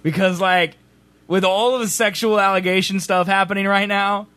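A man's voice: high voice, steady tone, moderate pace, pushed and bright, dry recording. A young man co-hosting a podcast, joking around in casual banter and laughing often. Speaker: podcast co-host.

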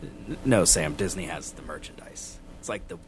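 A man co-hosting a casual podcast, ranting loudly and getting exasperated. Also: low-pitched, lively intonation, normal speed, slight background noise. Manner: loud, exasperated ranting that climbs into shouting. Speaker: podcast co-host.

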